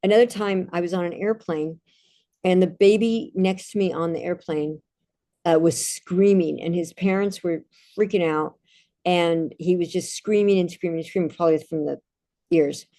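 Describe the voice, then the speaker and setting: A woman telling personal anecdotes in a calm, casual monologue, with frequent restarts. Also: lowish voice, normal speed. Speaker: meditation speaker.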